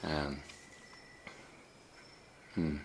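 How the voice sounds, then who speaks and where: A spiritual teacher with a very deep voice gives a reflective talk over a live video call. His delivery is gentle, unhurried and flat, with frequent pauses, fillers and restarts over a faint ambient hum.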